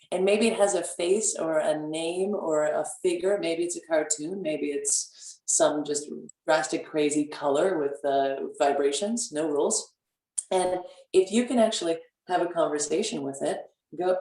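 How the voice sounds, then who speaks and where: A woman guest on a radio talk show, speaking casually and playfully, acting out inner voices with big jumps in pitch. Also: measured pace, warm tone. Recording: echoey, distant from the mic.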